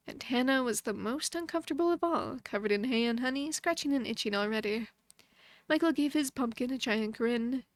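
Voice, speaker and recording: A young woman reads a bedtime story in a gentle put-on motherly voice. Her voice sits a little high, and the sound is dry and close with no room around it. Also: dry recording. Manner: chatty and thankful toward her viewers. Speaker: streamer. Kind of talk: reading a bedtime story aloud.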